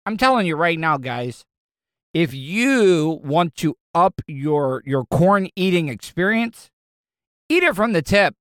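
A man's voice: a little high, very animated, slow, a bit bright, clean tone, no room sound, clean studio sound. A man hosting a solo podcast, rambling with stammering restarts and crude jokes. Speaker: podcast host. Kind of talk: casual solo monologue.

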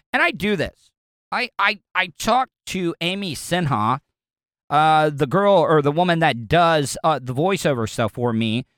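A man's voice: on the high side, a bit bright, smooth, dry recording, clean studio sound. A man with a Southern US accent hosting his own podcast, chatting loosely and rambling with repeated words. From American South. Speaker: podcast host. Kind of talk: casual solo podcast talk.

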